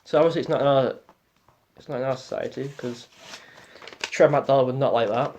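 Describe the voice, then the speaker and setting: A man's voice: medium pitch, brisk, a little mellow, highs cut off, a little hiss or hum. A teenage man with a Northern English accent co-hosting a casual podcast chat, hesitant and rambling with many restarts. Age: teens. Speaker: podcast co-host.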